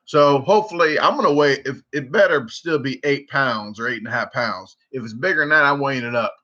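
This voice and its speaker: Telling a rambling tale on his livestream, a Southern US man talks fairly quickly in a medium-pitched voice, restarting and repeating himself many times. He livens up whenever he quotes someone, and the stream audio sounds dull and lo-fi.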